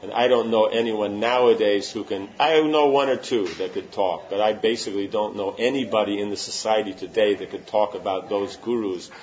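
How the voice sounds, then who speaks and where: A man's voice: fairly low pitch, a little hiss or hum. A man giving an informal religious talk, answering questions emphatically and often checking that listeners follow. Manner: emphatic, keeps asking "you know what I'm saying?". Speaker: spiritual teacher. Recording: muffled lo-fi recording.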